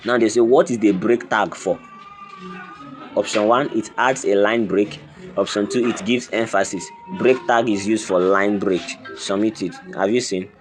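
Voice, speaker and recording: A man hosting a coding tutorial, walking through each step in a teacherly way, repeating points and checking "can you see". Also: lowish voice. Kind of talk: screen-recorded tutorial walkthrough.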